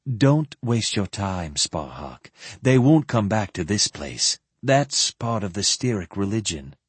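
A man's voice: fairly low pitch, sing-song, slow pace, breathy edge, no room sound, heavily acted. A man reading the part of a firm, shrewd female mystic, lifting his voice slightly.

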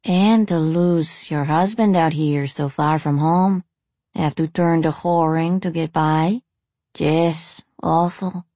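A woman voicing a blunt, jaded saloon entertainer who speaks slowly and matter-of-factly. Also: low-pitched, fairly even intonation, dark tone, no room sound. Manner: slow, matter-of-fact, weary compassion.

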